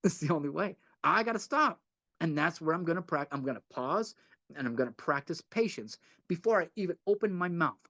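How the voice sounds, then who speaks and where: This man's slightly high voice is expressive and sharp-toned, and he speaks briskly on a dry recording. Leading a twelve-step study group in a relaxed teaching style, he earnestly repeats his points and keeps asking a rhetorical "right?"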